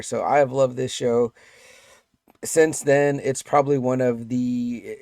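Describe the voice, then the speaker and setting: A man's voice: medium pitch, a little mellow, no echo. Rambling middle-aged man, dry close mic. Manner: rambling, many fillers and restarts. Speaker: podcast guest. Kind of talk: casual chat.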